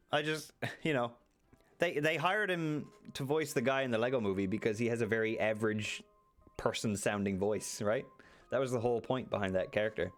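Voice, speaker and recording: A young man casually streaming a game, playful, with silly asides and voices. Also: medium pitch. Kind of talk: casual let's-play commentary.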